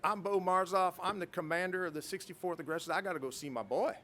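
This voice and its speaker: A man's voice: high-pitched, quick pace, pushed and bright, voice pushed up. A man voicing a folksy, caring male squadron commander with a Southern accent, drawling and reassuring. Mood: insistent. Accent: Southern US, put on.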